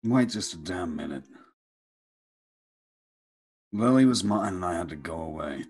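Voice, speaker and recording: A woman voicing a bitter, jilted male ghost who hurls accusations in a low, clipped voice. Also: wildly swooping pitch, measured pace, gravelly, a little mellow, slightly rough, full character voice.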